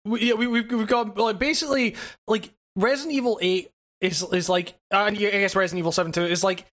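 A co-host in a casual gaming chat who trips over words and restarts often. Swears freely in an everyday mid-pitched voice. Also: steady tone, fast talker, a bit bright.

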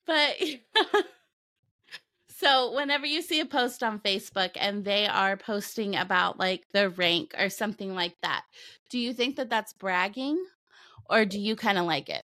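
A woman's voice: medium pitch, a little slow, bright, forceful tone. A woman hosting a podcast, giggly and laughing often in casual chat. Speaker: podcast host.

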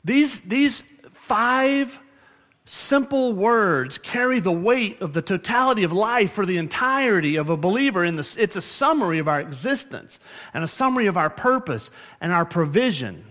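A man's voice: high voice, expressive, normal speed, a bit bright. A man preaching as pastor in a church, explaining scripture earnestly and often restarting his phrases. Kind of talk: sermon. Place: church sanctuary.

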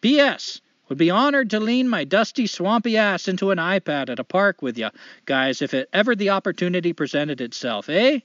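A folksy, upbeat drifter woman with a light Canadian lilt, as a man puts her on while reading a letter. The voice sits higher than his usual talk and is bright with cheer. The audio is a touch muffled. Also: expressive, brisk, no room sound. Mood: cheery. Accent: light put-on Canadian. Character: adventurous female drifter writing in, folksy and upbeat.

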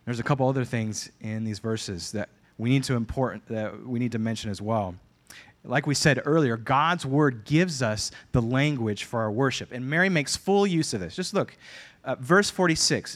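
A man delivers a sermon in an earnest, emphatic way. He drives his points home by repeating key phrases, in the steady manner of a pastor addressing his congregation. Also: mid-range voice.

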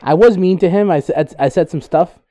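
A man's voice: sits high, brisk, warm tone, no room sound, clean studio sound. A man co-hosting a podcast in casual chat who hesitates and restarts often. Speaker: podcast co-host.

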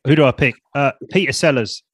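Relaxed, swearing male guest, dry sound. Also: mid-range voice, a little fast, husky, no room sound. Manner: relaxed, swears freely, trails off and restarts. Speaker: podcast guest, former comedian and vocal coach. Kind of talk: casual chat.

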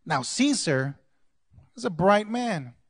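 A man, a pastor, preaching a sermon to his congregation, going from quiet asides to loud calls and acting out quoted lines. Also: high voice, very animated, slow pace, husky, dry recording. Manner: acts out characters' lines in quoted voices.

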